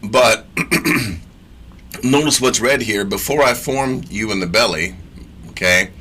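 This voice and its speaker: A man's voice: lowish voice, slow pace, bright, forceful tone. A man teaching from scripture in a casual sermon, reading verses aloud and breaking in with slangy, emphatic asides and repeated phrases.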